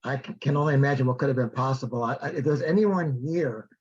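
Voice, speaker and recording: A middle-aged man moderating an online event, speaking haltingly, with many restarts. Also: medium pitch, a little mellow, slightly rough, lo-fi sound.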